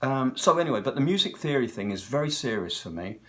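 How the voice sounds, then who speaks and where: A man in his sixties with a British accent talks to the camera in a loose, unscripted monologue. He is a chatty storyteller who drifts from one tangent to another. His pitch sits in the middle for a man. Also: very animated, fast talker. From Britain. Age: 60s. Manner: digressive, talkative, tangent-hopping storyteller. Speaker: guitar technician. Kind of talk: casual rambling monologue.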